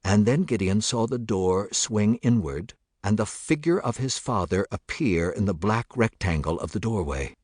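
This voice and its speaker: A man narrating a thriller audiobook in a measured, steady voice. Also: fairly low pitch, breathy edge, dry recording, studio quality.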